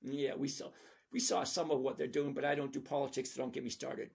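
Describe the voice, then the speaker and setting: A man's voice: mid-range voice, flat delivery, a little fast, creaky, a little mellow, husky. A middle-aged man hosting a trading channel, giving blunt, sarcastic stock commentary and talking to viewers by name. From lives in Florida. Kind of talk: casual stock commentary over a screen share.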